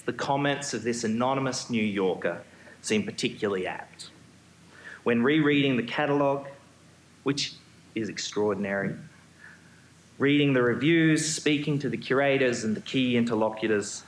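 A man, a museum curator, giving a prepared symposium talk on stage, measured with occasional ums and restarts. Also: medium pitch, animated. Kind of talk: prepared lecture. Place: auditorium stage. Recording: echoey hall, faint hum.

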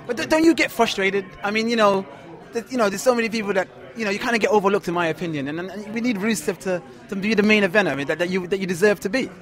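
A young man fires off quick, eager questions in a rapid, chatty flow. His voice is slightly high for a man. He is recording outdoors at an event. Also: a bit bright. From London. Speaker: podcast host interviewer. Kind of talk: casual interview.

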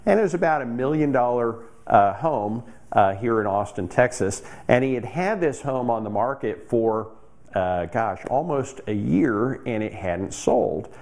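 A man's voice: medium pitch, animated, a little slow, a little mellow. A man, a real estate investor, telling a casual story to camera with frequent fillers.

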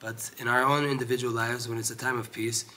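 A man leads a Torah lesson, reading the Hebrew passages fast and breaking them down in English while often restarting. Animation makes him loud and high, while lecturing brings his voice down low.

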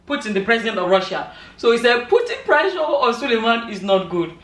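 A woman vlogger with a somewhat high voice reads out social media comments in casual chat, often laughing. She sits a little back from the mic, and her voice rings in a roomy echo. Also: big pitch swings, brisk, recorded from a distance. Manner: laughs often while reading, chatty and amused.

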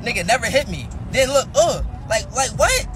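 A man's voice: very high-pitched, big pitch swings, normal speed, background noise. A young man in a heated casual rant, repeating himself and swearing, worked up after a fight. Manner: agitated, repetitive, swearing. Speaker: vlogger. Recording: loud music and crowd behind.

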